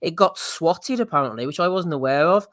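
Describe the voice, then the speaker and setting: Giggly podcast host. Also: male voice, fairly high pitch, expressive, fairly quick, a bit bright, dry recording, clean studio sound. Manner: giggly, reads out news items. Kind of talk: casual chat.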